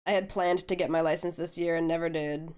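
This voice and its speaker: A young woman art streamer chatting casually with viewers while she draws, a little hoarse as she gets over a flu, laid-back and swearing freely. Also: low-pitched, little pitch movement, a little fast, darkish tone.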